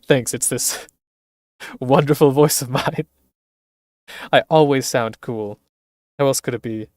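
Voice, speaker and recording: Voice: mid-range voice, takes it slowly, dry recording, clean studio sound, natural voice. A streamer with a Scottish accent voicing a blunt, cool-sounding teen girl. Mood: wry. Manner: blunt, deadpan.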